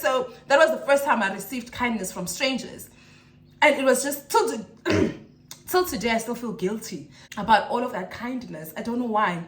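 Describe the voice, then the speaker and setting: A woman's voice: on the high side, moderate pace, fairly bright tone, roomy sound. A South African woman in her thirties, a mother vlogging in a chatty, emotional, rambling way. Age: 30s. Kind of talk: casual chat to camera.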